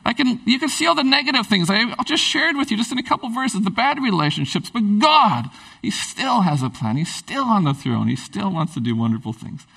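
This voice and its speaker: A man's voice: sits high, very animated, a little fast, gravelly, hardly any pauses, bright, forceful tone, husky, recorded from a distance, low-quality recording. A man preaching a sermon in a conversational, emphatic way. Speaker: pastor.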